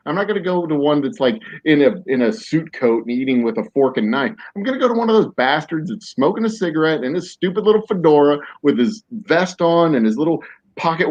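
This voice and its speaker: A man hosting a podcast in casual chat, rambling through jokey, mock-serious tangents. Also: a little high. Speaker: podcast host. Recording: dull lo-fi, dry.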